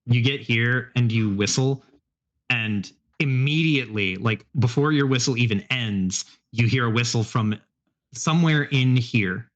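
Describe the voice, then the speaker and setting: Male game master, mid-pitch, rambling scene-setter, muffled stream mic. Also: measured pace, fairly bright tone. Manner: rambling, hedging descriptions with many fillers. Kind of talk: narrating a tabletop game. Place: live stream.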